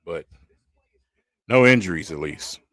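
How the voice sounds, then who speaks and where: A man's voice: sits low, lively intonation, unhurried, a bit bright, no room sound, studio quality. A man, hosting a live football watch party and talking through the game in a frustrated, conversational way. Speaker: live stream host. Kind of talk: casual sports watch-party commentary.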